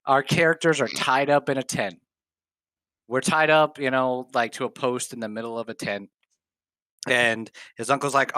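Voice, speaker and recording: Bright-voiced man telling a story. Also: mid-range voice, normal speed, clear, resonant tone, no room sound. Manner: animated, laughs through his story, acts out others' lines. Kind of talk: casual storytelling chat.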